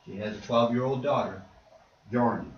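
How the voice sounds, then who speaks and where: A man preaching a sermon in a church, shifting between quiet storytelling asides and forceful, emphatic exhortation. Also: on the high side, expressive, moderate pace, a little hiss or hum. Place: church sanctuary. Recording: echoey church room, distant mic, dull lo-fi.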